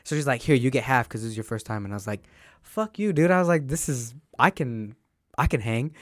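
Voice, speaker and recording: Young man, mid-pitched, dry close mic; animated, profane storyteller who acts out every quote. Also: fast, no echo. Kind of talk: casual chat.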